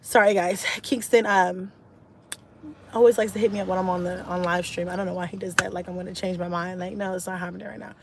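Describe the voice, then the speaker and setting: A stressed woman telling a personal story to her live stream viewers in a candid, animated way, swearing freely and filling her talk with "like" and "you know.". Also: lowish voice, quick pace, slight background noise. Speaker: vlogger talking to a live stream audience. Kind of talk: casual storytelling.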